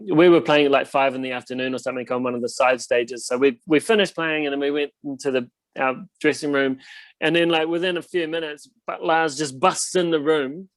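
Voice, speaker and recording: A man's voice: mid-range voice, no echo. A young man, a touring band musician telling stories in a casual interview, rambling with lots of fillers. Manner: laid-back, rambling storyteller with many fillers.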